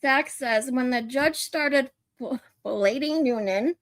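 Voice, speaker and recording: Woman streamer, casual and profane, slightly high voice, dry close sound. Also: slow, no echo. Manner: chatty, laughs often, swears freely. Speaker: livestream host.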